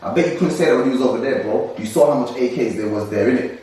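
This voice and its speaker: A young man, co-hosting a casual discussion podcast in an animated, ranting way with frequent laughs. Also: medium pitch, fast talker, distant mic. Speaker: co-host. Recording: echoey room, voice away from mic.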